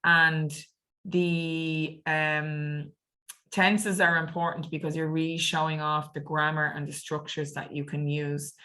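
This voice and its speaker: Female tutor, low voice, clear patient exam-prep delivery. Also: flat delivery, takes it slowly, pushed and bright. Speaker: French teacher. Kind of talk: online exam revision lesson.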